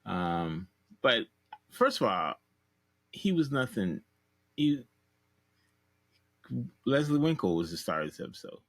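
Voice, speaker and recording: A man's voice: fairly low pitch, sing-song, takes it slowly, pauses often, no room sound. A man co-hosting a casual chat about a TV episode, laughing easily and restarting his sentences. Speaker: podcast co-host.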